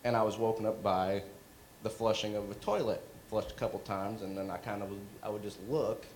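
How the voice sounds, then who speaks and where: Man, lowish voice, halting storyteller on a premiere panel; roomy echo. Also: flat delivery, darkish tone, a little hiss or hum. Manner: rambling, halting, chuckles often. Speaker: filmmaker at a premiere Q&A. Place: venue at a film premiere.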